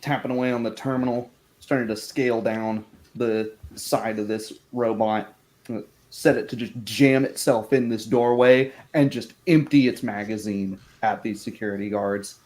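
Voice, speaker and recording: Low voice guy, quick clipped rpg moves. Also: steady tone, darkish tone. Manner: brisk, clipped action description. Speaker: player.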